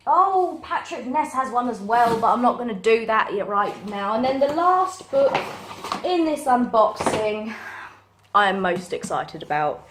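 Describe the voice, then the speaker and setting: A young woman chats casually through a book unboxing, her voice sitting a little high. She gushes, giggles and gets carried away with excitement. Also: a little hiss or hum. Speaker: book vlogger.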